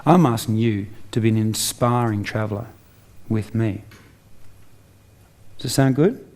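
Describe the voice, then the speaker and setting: A man's voice: on the low side, a little slow, darkish tone. An Australian man giving an emphatic motivational speech on stage, full of rhetorical questions. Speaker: inspirational speaker.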